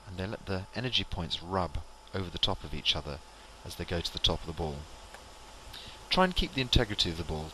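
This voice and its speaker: A man leading a qigong exercise class, calmly cueing each movement and breath step by step. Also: deep voice, slight background noise. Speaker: qigong instructor. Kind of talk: guided exercise instruction.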